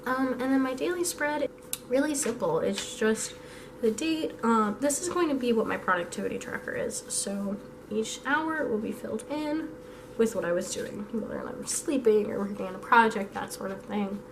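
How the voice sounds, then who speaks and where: Hoarse young woman chatting, noisy recording. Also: a little high, lively intonation, moderate pace. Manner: chatty, thinking aloud. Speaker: vlogger. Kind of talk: casual planning vlog.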